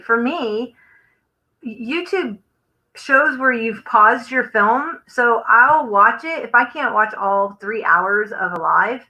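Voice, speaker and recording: Bright-voiced woman chatting while crafting. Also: fairly high pitch, poor audio. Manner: chatty, thinks aloud while working, trails off. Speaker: craft livestream host. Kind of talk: casual live crafting chat.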